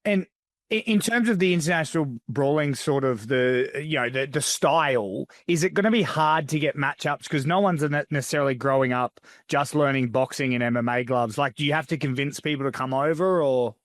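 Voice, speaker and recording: A man's voice: medium pitch, a little fast, no room sound, clean studio sound. A male host asking interview questions in a hesitant way, stopping and restarting as he goes.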